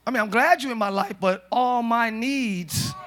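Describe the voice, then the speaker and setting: High-voiced, bright-toned preacher man. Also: moderate pace, slight background noise. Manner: animated, joking, breaks into shouts. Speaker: pastor. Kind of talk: lively preached sermon. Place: church service. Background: congregation responding.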